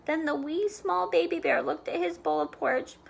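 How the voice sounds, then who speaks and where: A woman reading a storybook aloud to children, with playful chatty asides and soft whispers. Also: very high voice, sing-song, normal speed, vocal fry.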